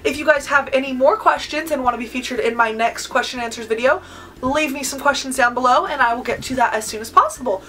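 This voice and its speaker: A woman's voice: sits high, fast, pushed and bright, poor audio. A woman in her twenties from California, answering viewer questions in a casual vlog, chatty and full of "like" and "um". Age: 20s. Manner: chatty, sprinkles in "like" and "um". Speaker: beauty vlogger.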